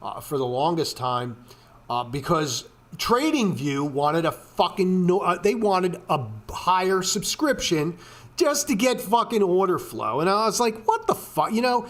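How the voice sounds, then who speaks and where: A man's voice: sits high, lively intonation, measured pace, fairly bright tone. A man hosting a casual screen-share walkthrough of trading charts, talking in a profane, ranting way with lots of swearing and filler words. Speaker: trading video host.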